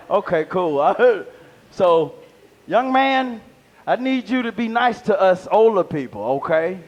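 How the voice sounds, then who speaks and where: A stand-up comedian with a high-pitched voice speaks slowly during a live set at a small venue. He does animated crowd work, talking back and forth with the audience.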